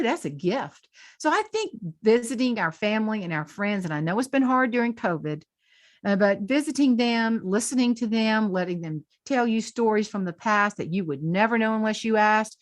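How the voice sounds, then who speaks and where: A Southern woman from the South Carolina Lowcountry, a humorist and speaker, telling folksy stories in an interview and laughing often. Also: animated, normal speed, no room sound, studio quality. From Southern United States. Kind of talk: storytelling interview chat.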